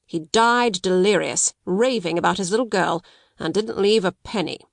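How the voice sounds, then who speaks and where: A woman's voice: medium pitch, normal speed, vocal fry, no echo, clean studio sound, close to an everyday voice. A woman reading a storybook voices a shrewd male solicitor who speaks brusquely and with disapproval. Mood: brusque, blunt. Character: curt, shrewd male solicitor, dry little man.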